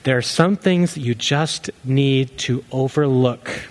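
A man preaching a sermon as a pastor, earnest, rising to emphatic lines and then dropping low and soft. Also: slow pace.

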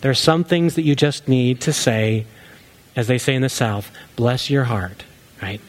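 A man preaching a sermon as a pastor, earnest, rising to emphatic lines and then dropping low and soft. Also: moderate pace.

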